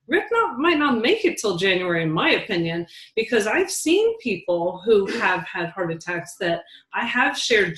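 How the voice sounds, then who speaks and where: A woman's voice: fairly high pitch, fairly bright tone, roomy sound, low-quality recording. A woman leading a casual team talk, telling chatty stories and laughing easily. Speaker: team leader.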